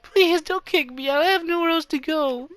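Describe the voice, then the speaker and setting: A man's voice: extremely high pitch, normal speed, fairly bright tone, pitched above the performer's own voice. A man voicing a shipwrecked young pirate woman who whines and pleads. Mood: pleading. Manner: whiny, pleading.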